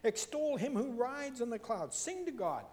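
A man from Canada preaching a sermon as a pastor, an animated storyteller who moves from loud emphasis to hushed asides. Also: extremely high pitch, moderate pace, long reverb tail.

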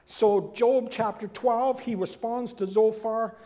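A male preacher delivers a sermon in a mellow, high-set voice, swinging freely up and down as he acts out quoted speakers. He breaks off for casual asides and rhetorical questions. His voice carries a long reverb, like a large hall. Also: slow. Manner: animated, acts out quoted speakers with big swings in pitch and loudness.

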